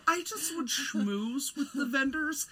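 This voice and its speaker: A woman's voice: sits high, lively intonation, slow pace, fairly bright tone. A woman in casual chat, telling funny personal stories with a straight face.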